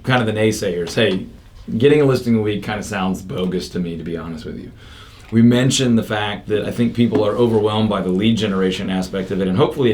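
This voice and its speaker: A man's voice: lowish voice, a little hiss or hum. A man hosting a casual podcast from an office studio, upbeat and talkative with loose fillers and restarts. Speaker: podcast host and real estate coach.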